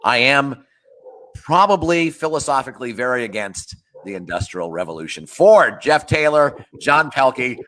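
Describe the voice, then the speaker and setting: A man's voice: medium pitch, animated, moderate pace, sharp tone. A man co-hosting a casual sports podcast, with dry, joking sarcasm. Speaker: podcast co-host.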